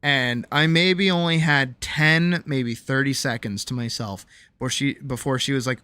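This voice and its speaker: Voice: medium pitch, measured pace, bright, forceful tone, clean tone. A young adult streamer telling a candid personal story to a live chat from a home room, reflective and hesitant, with many ums and restarts.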